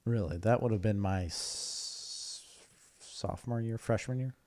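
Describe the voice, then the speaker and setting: A young adult man co-hosting a casual podcast, joking around and quick to dispute what he hears. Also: on the low side, a little mellow. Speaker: podcast co-host. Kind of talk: casual chat.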